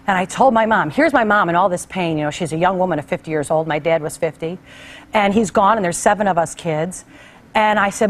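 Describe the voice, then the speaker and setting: A woman's voice: on the low side, fast talker. A middle-aged woman talk show host telling a heartfelt personal story in a conversational way, acting out the people she quotes. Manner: conversational, animated quoted voices.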